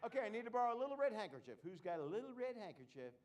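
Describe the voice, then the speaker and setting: A man with a high, light voice doing live comedy magic in a showroom. He keeps up a stream of quick jokes and banter with the audience. He talks the crowd through each trick as he performs it. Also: big pitch swings. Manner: joking patter with the audience.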